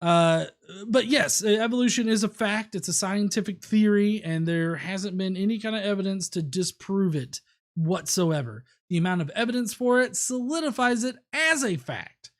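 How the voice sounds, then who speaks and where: A man's voice: high-pitched, animated. Male stream host, home setup, loose and profane, rambles then rants. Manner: profane, rambling, quick to rant. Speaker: livestream host. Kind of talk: casual livestream commentary.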